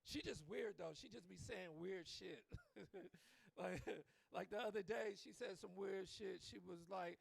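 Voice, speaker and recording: Gravelly high-voiced man doing stand-up. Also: a little slow, no room sound. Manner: profane, loose, teasing the crowd. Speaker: stand-up comedian. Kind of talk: live stand-up set. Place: comedy club stage.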